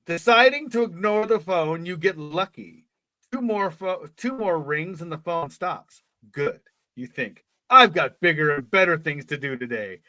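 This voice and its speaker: A man's voice: on the high side, animated, unhurried, bright, forceful tone, no room sound. A man co-hosting a podcast, reading a story aloud and breaking off for jokes and laughs. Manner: joking, laughs between lines. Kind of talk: casual reading with jokey asides.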